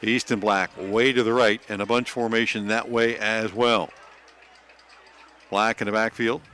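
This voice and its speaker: Bright-voiced man calling football plays. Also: fairly low pitch, little pitch movement. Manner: rapid play calling, jokes like an auctioneer. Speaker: play-by-play announcer. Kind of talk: high school football play-by-play.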